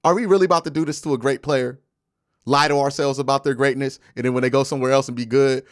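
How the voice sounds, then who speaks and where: A young man with a mid-range voice hosts a casual live football post-game stream, talking at a racing pace. He argues his points with energy and reads and answers viewers' chat messages. The studio sound is clean with no echo.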